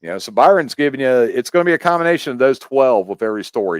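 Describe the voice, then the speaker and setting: A man from the United States, a podcast guest talking in a casual chat, explaining in a rambling, animated way with many restarts. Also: mid-range voice, fast talker, clean tone, no room sound.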